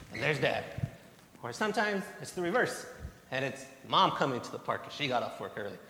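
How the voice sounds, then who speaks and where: A young man giving a children's sermon in a church, telling a plain, gentle story to the kids. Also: mid-range voice, big pitch swings, brisk. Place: church sanctuary. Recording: echoey church hall, faint hum.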